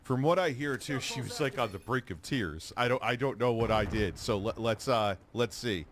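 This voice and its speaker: A man's voice: mid-range voice, normal speed, a bit bright. A man streaming a profane reaction, mocking and sarcastic, swearing freely. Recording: noisy stream capture.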